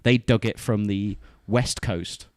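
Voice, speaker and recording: A man's voice: fairly low pitch, slow pace, clean tone, no room sound, studio quality. A man co-hosting a podcast who explains things at length in casual chat and teases his co-hosts. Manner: explaining at length, teasing the others. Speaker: podcast co-host. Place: indoor podcast room.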